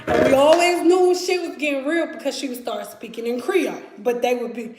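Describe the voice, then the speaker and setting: Brief: young Detroit woman, casual storytime vlogger, high voice, lively and laughing. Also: a little fast, hardly any pauses, reverberant, faint music behind. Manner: chatty, animated, laughs often, acts out voices. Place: home kitchen.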